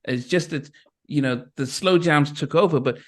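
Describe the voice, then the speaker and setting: Male podcast host, a touch high-pitched, halting and chatty. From Liverpool, England. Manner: halting, many restarts and fillers. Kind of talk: casual interview chat.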